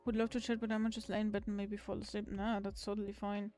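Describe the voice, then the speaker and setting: A woman's voice: medium pitch, level tone, fast talker, dark tone, soft background music. A woman livestreamer in casual chat with her viewers, giggling often and swearing casually.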